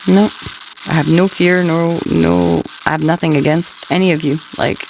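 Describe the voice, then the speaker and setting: A woman's voice: deep voice, fairly even intonation, normal speed, creaky, noisy background. A woman rambling crudely to her livestream listeners, taunting them and tagging her sentences with questions. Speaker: scanner livestreamer talking to listeners. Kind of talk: rambling casual monologue.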